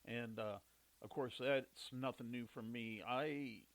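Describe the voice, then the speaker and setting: Middle aged guy rambling on his podcast, chatty storyteller, laughs a lot, mid pitch. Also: fairly even intonation, slow pace, poor audio. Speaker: podcast host. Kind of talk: casual monologue podcast.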